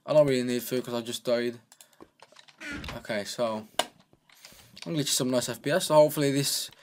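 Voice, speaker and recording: A man's voice: medium pitch, a little fast, background noise. A man giving casual, joking commentary on his own gameplay, chatting away and talking to himself at a desk microphone. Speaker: gaming channel host.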